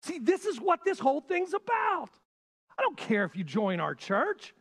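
A male pastor preaching a sermon with passion, swinging between loud bursts and hushed lines. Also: extremely high pitch, wildly swooping pitch, moderate pace.

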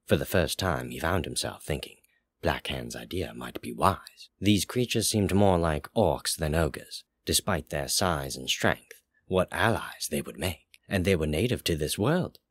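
A man narrating a fantasy story aloud in a slow, measured way. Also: extremely low pitch, animated, husky, no room sound. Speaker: story reader. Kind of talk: audiobook narration.

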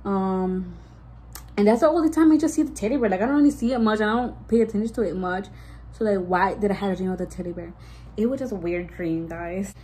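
Speaking a little fast in a warm, mid-range voice, a pregnant young woman vlogs a casual storytime chat for her viewers over a rough recording. She rambles, restarts often, leans heavily on "like," and mixes in Spanish words.

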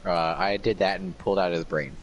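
A man chatting casually with a friend while gaming, laid-back and swearing, with deadpan replies. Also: deep voice, fairly quick, muffled recording, a little hiss or hum.

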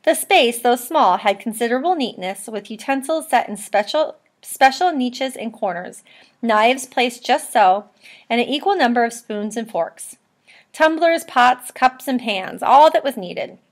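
A woman's voice: a little high, lively intonation, unhurried. A woman, a teacher, reading a novel aloud steadily and adding casual explanations in between.

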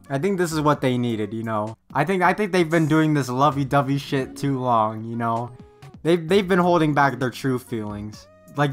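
A low-pitched woman hosting an anime reaction, laughing and swearing as she stumbles over restarts. Her tone is bright and animated, with faint music playing behind. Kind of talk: casual reaction commentary.

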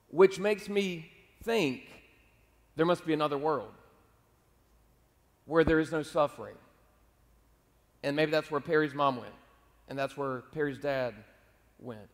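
A man delivers a sermon in a relaxed, conversational way. He tells stories and acts out dialogue with God. His voice sits a little high for a man, and it rings out with the long reverb of a large church hall. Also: measured pace, long pauses. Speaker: pastor.

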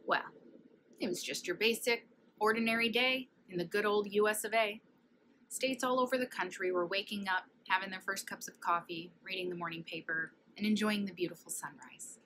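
A woman reads a children's picture book aloud in a lively, playful way, dropping now and then into hushed asides. Her voice sits at an everyday middle pitch, with a faint hiss of room noise behind it. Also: normal speed, low-quality recording. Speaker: storybook reader.

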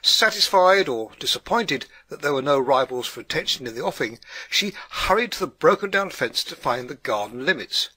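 A man giving a steady scripted audiobook narration. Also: a little high, moderate pace, husky, no echo. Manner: steady storytelling read.

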